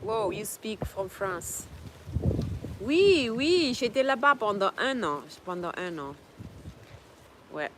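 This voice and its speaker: A woman's voice: mid-range voice, very animated, takes it slowly, pauses often, fairly bright tone, slight background noise. A woman hosting a casual livestream, chatting with viewers, laughing often and slipping into French. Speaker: livestream host. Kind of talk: casual livestream chat reading viewer comments. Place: home in Jamaica.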